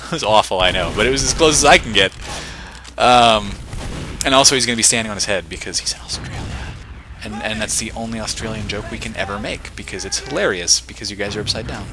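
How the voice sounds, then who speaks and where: A man giving live play-by-play commentary on a competitive video game match, excitable and full of joking asides. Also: lowish voice, quick pace, background noise. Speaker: esports shoutcaster.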